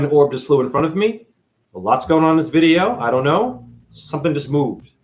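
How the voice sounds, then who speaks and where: Profane ranting man from New England. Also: a little high. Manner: profane, sarcastic, swings between loud outbursts and near-whispers. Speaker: spiritual video host. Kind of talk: ranting monologue to camera.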